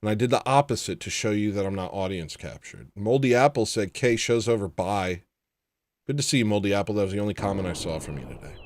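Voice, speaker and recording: Speaking quickly with few pauses, a livestream host with a lowish, slightly mellow voice and lively intonation chats casually while reading viewer comments. He tosses in dry, sardonic asides along the way.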